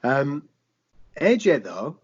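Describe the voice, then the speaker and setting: A man, a sports presenter, chatting on a podcast in a lively way, with rhetorical questions, slang and swearing. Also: medium pitch, extremely slow, husky. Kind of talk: casual podcast chat. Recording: dull lo-fi podcast audio.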